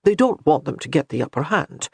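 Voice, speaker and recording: A man reading as a kindly old Highland priest who reassures with light humor. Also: sing-song, brisk, creaky, darkish tone, breathy edge, no room sound, clean studio sound, heavily acted. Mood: reassuring.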